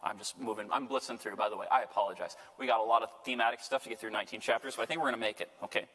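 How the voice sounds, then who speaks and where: A man's voice: fairly low pitch, steady tone, racing, sharp tone. A male priest giving a conversational Bible study lecture, checking in with his listeners as he goes. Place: parish lecture room. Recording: long hall reverb.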